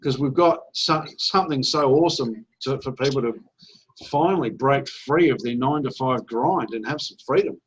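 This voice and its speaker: A man giving an energetic, persuasive sales pitch on a video call, often checking in with "all right?". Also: normal speed, breathy edge. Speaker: network marketing presenter. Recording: dull lo-fi call audio.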